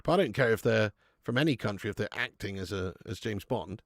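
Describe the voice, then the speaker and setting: A man's voice: lowish voice, expressive, brisk, dry recording, clean studio sound. A young man hosting a football watch-along stream, chatting casually with viewers and swearing freely. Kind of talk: casual live-stream chat and match commentary.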